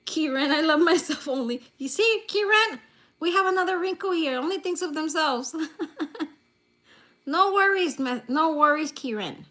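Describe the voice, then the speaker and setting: Woman livestream host with a high voice, playful and teasing with viewers, laughing often, phone on a table. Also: expressive, moderate pace, bright, forceful tone. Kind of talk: casual livestream chat with viewers. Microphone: phone lying on a table.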